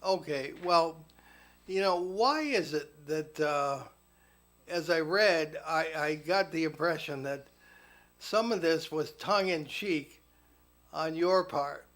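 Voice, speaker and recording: A man's voice: fairly high pitch, slow pace, fairly bright tone. A man hosting a radio interview, asking thoughtful, probing questions with hesitant fillers. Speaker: radio host.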